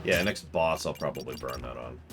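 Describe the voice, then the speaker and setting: A man giving joking, chatty commentary while streaming a game and reading out viewer messages, with loud game music behind. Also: rumbling low, a little fast. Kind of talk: live gameplay commentary.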